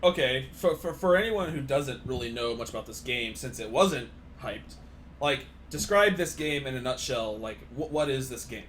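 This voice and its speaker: Young guy asking questions, halting, kinda unsure, faint hiss behind. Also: mid-range voice, animated, fairly bright tone. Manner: hesitant, questioning, halting restarts. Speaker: podcast host asking questions. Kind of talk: casual chat.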